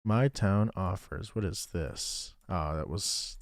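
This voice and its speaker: In casual live-stream commentary on a geography game, a man muses aloud in a chatty way and thanks viewers as he plays. He speaks slowly in a low register. The sound is clean and studio-grade, with no room sound at all.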